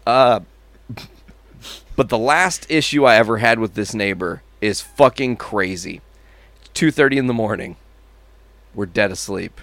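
Male podcast co-host, lively swearing storyteller, swinging pitch, dry close sound. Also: measured pace, pauses often, no room sound. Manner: profane, animated storyteller mimicking horn sounds. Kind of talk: casual chat.

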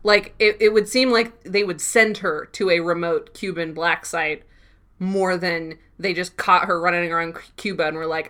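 A woman's voice: fairly low pitch, steady tone, normal speed, fairly bright tone. A woman co-hosting a podcast, chatting casually and laughing as she recaps a TV episode. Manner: laughing, recapping with playful quoted voices. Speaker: podcast co-host.

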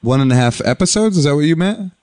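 A man's voice: fairly high pitch, animated, quick pace, darkish tone, no echo, studio quality. A man hosting a podcast, chatting in a friendly way and teasing his callers. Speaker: podcast host. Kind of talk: casual chat.

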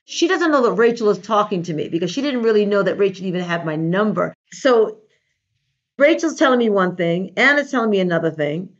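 A woman, a life coach, telling an animated story in a casual interview and acting out the voices of the people she quotes. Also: medium pitch, fairly quick. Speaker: guest, life coach and trainer. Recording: dull lo-fi recording.

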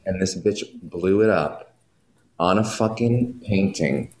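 A man, a guest from New York, telling animated stories in casual chat and swearing freely. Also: sits low. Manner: animated storytelling, heavy swearing, quick asides.

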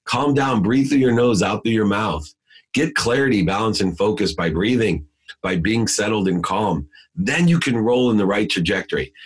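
A man's voice: deep voice, husky. A middle-aged man, a guest speaker, telling a motivational story in an emphatic, preachy way that repeats key words.

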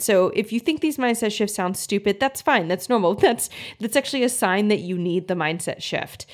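A young woman talks to her listeners in a friendly, earnest podcast style, her voice sitting at an ordinary middle pitch. Now and then she jumps into quick, lively voices to act out anxious inner thoughts. She sounds like a coach talking someone through a problem. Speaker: podcast host, gut health coach. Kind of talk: casual solo podcast talk.

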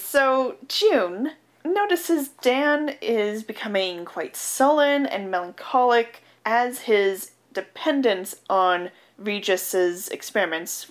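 A woman co-hosting a casual chat, recapping a film plot with lots of fillers and laughs. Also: mid-range voice. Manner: chatty, giggly, peppered with fillers. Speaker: podcast co-host recapping a film.

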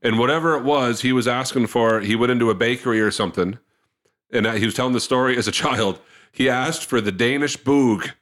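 Bright-voiced man retelling a joke. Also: medium pitch, brisk. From Canada. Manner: laughs often, retells jokes with voices. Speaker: podcast co-host. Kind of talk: casual chat.

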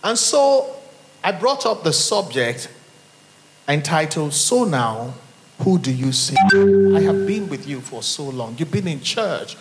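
A middle-aged Nigerian man preaching a sermon as pastor, swinging between loud high exclamations and low remarks and firing rhetorical questions at his congregation. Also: big pitch swings, slow, noisy background. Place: church hall. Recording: long hall reverb.

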